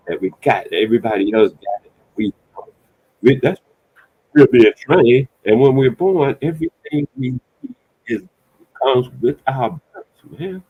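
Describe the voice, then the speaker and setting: A man's voice: on the low side, slight background noise. A man giving a blunt, colloquial motivational talk, preaching directly at the listener. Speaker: motivational speaker. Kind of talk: casual motivational monologue. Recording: tinny phone-like sound.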